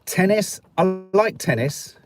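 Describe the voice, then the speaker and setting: A man's voice: high voice, expressive, a little slow, soft background music. Chatty man with a Stoke accent. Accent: Stoke-on-Trent English. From England. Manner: chatty, rambling, jokey, puts on voices for people he quotes. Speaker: live stream host. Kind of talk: casual chat reading viewer comments.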